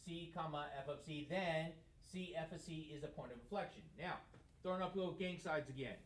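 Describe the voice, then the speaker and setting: A man giving a math lecture in a classroom, talking casually and asking questions that he answers himself. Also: fairly high pitch. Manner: conversational, asks questions and answers them himself. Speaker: math teacher. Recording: echoey room.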